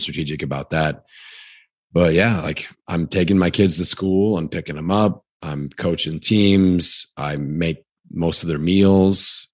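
A man talking as a podcast guest about his work week, upbeat and quick, with plenty of "like" fillers. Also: low-pitched, dry recording, clean studio sound. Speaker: podcast business coach, guest. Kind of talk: casual interview talk.

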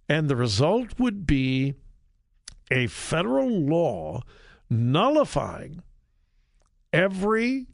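A man hosting a talk radio show, delivering an opinion monologue deliberately and with emphasis on key words. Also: a little high, dry recording, studio quality.

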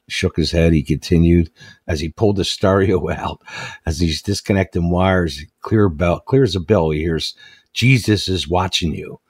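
Male talk radio host, husky, casual and joking. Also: sits low, darkish tone, no echo, studio quality. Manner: joking, storytelling.

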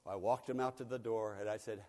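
A man's voice: on the low side, fairly even intonation, a little fast, a little mellow, big-room sound. An older man from Pennsylvania preaching a sermon, telling a folksy story and chuckling often. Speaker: pastor. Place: church sanctuary.

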